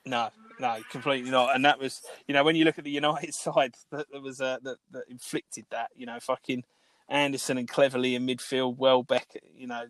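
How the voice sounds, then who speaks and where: A man's voice: mid-range voice, flat delivery, brisk, fairly bright tone, no room sound. A man, co-hosting a podcast, telling a long rambling story with plenty of swearing, fillers and restarts. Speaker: podcast co-host. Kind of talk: casual storytelling chat.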